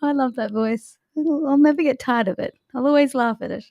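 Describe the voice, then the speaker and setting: Chatty high-voiced woman vocal coach. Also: a little fast, creaky, no room sound, dull audio, faint music behind. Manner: encouraging, chatty, demonstrates vocal exercises. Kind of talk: live vocal warm-up lesson.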